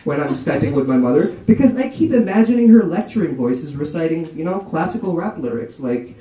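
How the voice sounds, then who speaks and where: A young man performing an animated stand-up comedy set at a college comedy night, slipping into mock voices. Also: high-pitched, a little fast. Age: young adult. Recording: roomy, distant amateur recording with crowd laughter. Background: audience laughing.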